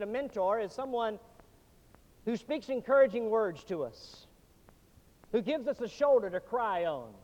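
A man preaching with a high-pitched voice, dramatic and sweeping from loud declarations down to near-hushed lines. The sound is dull and lo-fi, and his words ring out with the long reverb of a church sanctuary. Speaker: pastor. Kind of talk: sermon.

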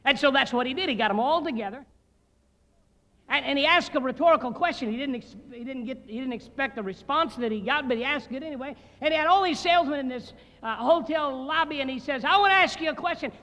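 A man with a high, light voice preaches a guest sermon in a seminary chapel. He is a folksy storyteller who mixes jokes into the message, and his words ring out with a long hall reverb. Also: quick pace, bright, forceful tone.

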